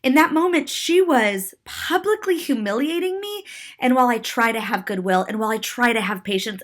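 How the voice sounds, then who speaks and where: A woman comedian telling a personal story in a candid, expressive monologue, with self-mocking asides. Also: on the high side.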